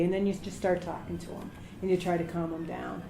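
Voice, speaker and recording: Middle-aged woman, medical assistant, animated storyteller giving career tips, roomy echo with faint background noise. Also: on the low side, fairly quick, vocal fry. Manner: lively storyteller acting out quoted voices. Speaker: medical assistant speaking to students. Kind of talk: career advice talk. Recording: echoey room with faint noise.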